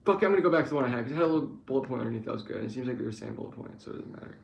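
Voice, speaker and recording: Gravelly profane young man ranting. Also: mid-range voice, animated, very fast, echoey room. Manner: profane, rambling, frequent restarts and fillers. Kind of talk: casual rambling political rant.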